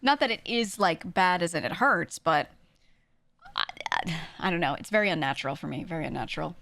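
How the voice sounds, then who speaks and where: Woman streamer, fast casual chatter, slight vocal fry, dry close sound. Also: lowish voice, dry recording. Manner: quick, chatty talker; relaxed and conversational, lightly projected for the mic. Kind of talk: casual chat answering a livestream chat.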